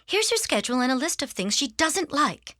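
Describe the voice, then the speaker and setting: A woman's voice: high voice, big pitch swings, fairly quick, bright, forceful tone, dry recording, clean studio sound, pitched above the performer's own voice, exaggerated voice. Woman doing a fretful, doting lady dog owner.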